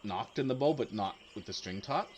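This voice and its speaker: A man's voice: lowish voice, expressive, normal speed, a little hiss or hum. A man narrating as game master in a tabletop game, rambling with many fillers and restarts. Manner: rambling, full of likes and restarts.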